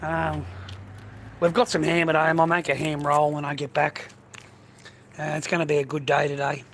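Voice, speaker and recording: A man's voice: fairly high pitch, completely flat delivery, moderate pace, fairly bright tone. An older man with an Australian accent, livestreaming a blunt, profane street rant and calling everyone "mate" and "bro". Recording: noisy outdoor phone stream.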